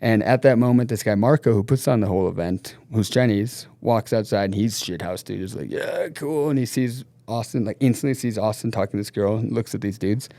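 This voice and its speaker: A middle-aged man, a podcast guest, telling a wild road-trip anecdote in a loose, profane, animated way. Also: fairly low pitch, fairly quick, few pauses, no room sound. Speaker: podcast guest, snowboard team manager. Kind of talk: casual storytelling.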